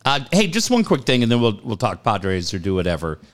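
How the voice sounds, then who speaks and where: A brisk radio host with a lowish voice keeps his casual show lively with stories. He swears liberally and dramatizes quotes as he tells them.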